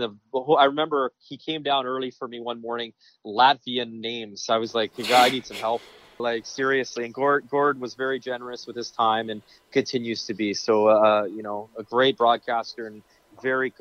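A man, a sports broadcaster, telling lively anecdotes in a casual interview with many restarts. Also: mid-range voice, moderate pace, no room sound. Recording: dry, dull lo-fi sound.

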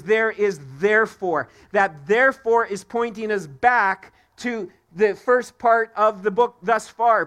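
A man's voice: high voice, a bit bright. A man preaching a live sermon as pastor in a church, emphatic and repeating key words for stress. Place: church sanctuary.

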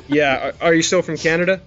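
A man's voice: fairly high pitch, a little fast, fairly bright tone, soft background music. A man hosting a gaming podcast in casual, rambling, self-deprecating chat, laughing often. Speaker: podcast host. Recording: dull lo-fi podcast audio.

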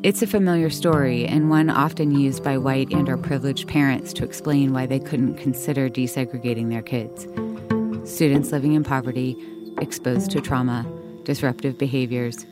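A woman with an unusually deep, low voice reads scripted documentary narration in a measured, even way. Music plays clearly underneath her. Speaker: podcast narrator. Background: music bed.

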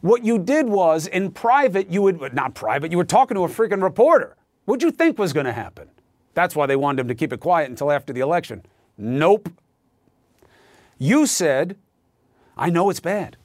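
A man's voice: on the high side, very animated, normal speed, no echo, studio quality. A man hosting a news show, delivering a heated, sarcastic opinion monologue.

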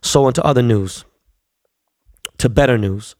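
A man's voice: mid-range voice, a little slow, darkish tone, dry recording, clean studio sound. A man in his forties telling a long, profane story in a casual, rambling way, full of fillers. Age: 40s.

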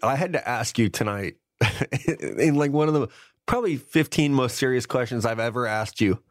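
A man's voice: mid-range voice, moderate pace, no echo, clean studio sound. Laughing man joking through podcast banter. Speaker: podcast co-host. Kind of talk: casual chat.

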